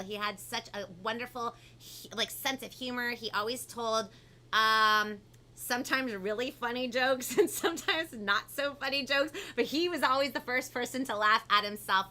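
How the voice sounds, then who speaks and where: A woman hosting a children's live stream, talking in a bubbly, animated way and reading out viewer comments. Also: fairly high pitch. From family from Peru. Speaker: host of a live kids' show. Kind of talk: upbeat live-stream chat.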